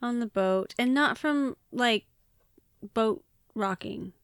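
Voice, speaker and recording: Chatty podcast lady, kinda high voice, laughs a lot, dry close sound. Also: slow pace, smooth, no echo. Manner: chatty, laughs often, many likes. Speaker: podcast co-host. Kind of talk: casual chat.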